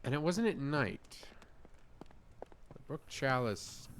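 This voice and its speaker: A man talks his way through a puzzle game in unhurried, casual commentary, his pitch swinging widely from low mutters up to excited exclamations. He thinks aloud, trails off mid-sentence and breaks into sudden gasps. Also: over music. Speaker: streamer.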